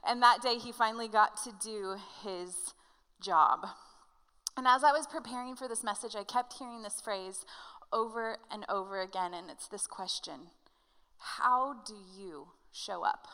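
Bright-voiced woman preaching in a reverberant hall. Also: a little high, moderate pace, smooth. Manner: animated storytelling, conversational with the congregation. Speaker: pastor. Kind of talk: sermon with personal story. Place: church hall.

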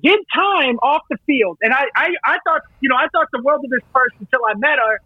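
A man's voice: extremely high pitch, expressive, brisk, no echo. A man co-hosting a casual podcast, speaking in laid-back, joking banter with hesitations. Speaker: podcast co-host. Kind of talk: casual chat. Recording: dull, muffled sound.

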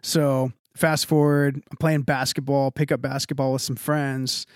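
A man's voice: medium pitch, level tone, a little slow, dry recording, clean studio sound. A man co-hosting a podcast, chatting casually and telling stories that wander, with lots of filler words. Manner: rambling, filler-heavy storytelling with lots of "like". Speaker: podcast co-host. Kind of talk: casual chat.

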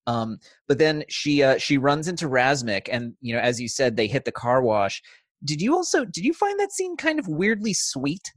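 A man's voice: a little high, very animated, normal speed, dry recording. Man, casual film chat, swears easily, dry room sound. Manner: chatty, swears, laughs easily. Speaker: podcast co-host.

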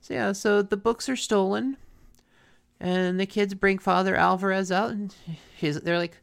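A man's voice: high-pitched, unhurried, vocal fry, clear, resonant tone. A man co-hosting a podcast, recapping a cartoon episode in a casual chat and acting out lines from it. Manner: animated, acts out quotes from the episode.

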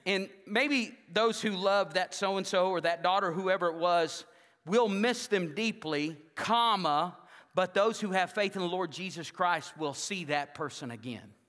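A male pastor preaching a sermon in a church, rousing the congregation, then dropping to a hushed, intimate tone. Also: sits high, a little slow, long reverb tail. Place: church sanctuary.

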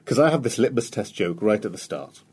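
A man's voice: fairly low pitch, expressive, a little fast, a little mellow, slightly rough. A man in his thirties from the UK, a comedian talking reflectively and wryly in an interview. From United Kingdom. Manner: reflective, wry storytelling with acted-out quotes. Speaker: comedian guest. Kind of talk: conversational interview.

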